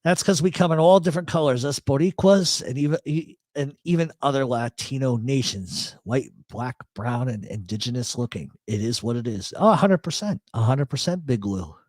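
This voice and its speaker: A man's voice: mid-range voice, expressive, moderate pace, hardly any pauses, darkish tone, no echo, clean studio sound. A man hosting a casual live talk show, reading out chat comments in a rambling, blunt way with plenty of swearing and emphatic repetition. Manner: emphatic agreement, repeats himself. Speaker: radio show host.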